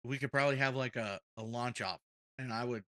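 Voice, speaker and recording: Excited man reacting to videos. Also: medium pitch, fairly quick. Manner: excited, joking, says dude a lot. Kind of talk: casual reaction chat. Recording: music playing behind.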